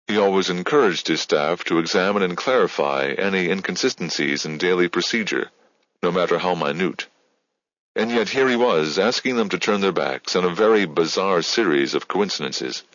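A male audiobook narrator with a very low voice, reading in a steady, measured way. He is heard close and dry. The recording has a dull, lo-fi tone. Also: dry recording. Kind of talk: scripted narration.

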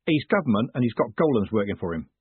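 Brief: man as a burly wary coachman, rough working-class speech, husky tinny sound. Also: medium pitch, big pitch swings, fast talker, dry recording. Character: big, wary male coachman brother. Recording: phone-like dry audiobook sound.

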